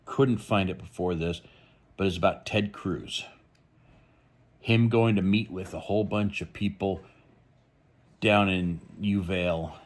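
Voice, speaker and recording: A man hosting a true crime channel, giving blunt, rambling, opinionated commentary. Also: low voice.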